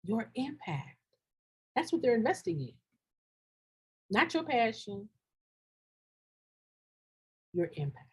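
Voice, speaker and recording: A husky, slightly high-voiced middle-aged woman speaks straight to her livestream viewers through a computer mic. She is blunt and preachy, hammers points home by repeating them, and drops in a casual y'all and ain't. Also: very animated, slow pace, pauses often, a little mellow. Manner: direct, preachy, repetitive emphasis; colloquial, says y'all and ain't. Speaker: nonprofit grant consultant. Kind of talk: live-streamed motivational talk.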